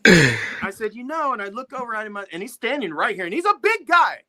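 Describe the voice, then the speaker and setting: A middle-aged man, a music producer, telling studio stories as a guest with lively, swearing energy, acting out the people he quotes. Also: high voice, fairly quick. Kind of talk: animated storytelling in a podcast interview.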